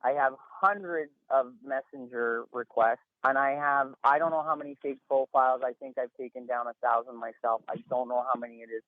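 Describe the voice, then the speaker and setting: A man's voice: medium pitch, fairly even intonation, fairly quick, few pauses, no room sound. A man speaks through a tinny phone line in a dry, close recording. He talks in an emphatic, rambling way and sounds worn out with exasperation. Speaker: interview guest. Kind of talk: casual phone interview. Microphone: phone call.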